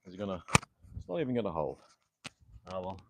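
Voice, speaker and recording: The audio is muffled and very noisy as this Australian fitness livestreamer talks fast in a low, sing-song voice. He rambles casually while exercising indoors at home, filling his chat with fillers and mild swearing, and his clip-on mic falls off now and then.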